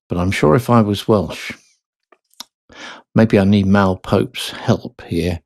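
A male radio presenter introduces hymns and Bible passages in an unhurried, musing way. His delivery is chatty and gently playful. The studio sound is dry and close, with no room around the voice. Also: fairly low pitch, expressive, gravelly, no room sound.

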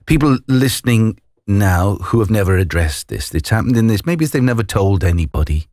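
Deep-voiced man interviewing gently. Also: lively intonation, normal speed, dry recording, clean studio sound. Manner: gentle, hesitant questions with restarts. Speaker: host. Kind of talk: faith interview.

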